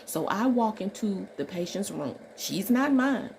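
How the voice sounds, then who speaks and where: A woman from Alabama, a registered nurse, telling a workplace story in an animated, emphatic way and acting out the dialogue. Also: mid-range voice, a little slow, creaky, background noise. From Alabama, USA. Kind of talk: storytime vlog.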